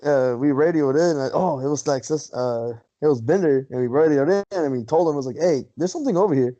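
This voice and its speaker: A man's voice: a little high, brisk, warm tone, muffled recording. A man on a podcast telling a long story, rambling and swearing, laughing often. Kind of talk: casual chat.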